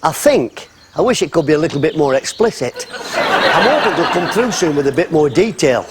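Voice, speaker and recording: A man's voice: a little high, very animated, moderate pace, heavy background noise. A man playing an ordinary, earnest man who tells a puzzling story with solemn care in a sitcom. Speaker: local man telling a story. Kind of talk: sitcom acting.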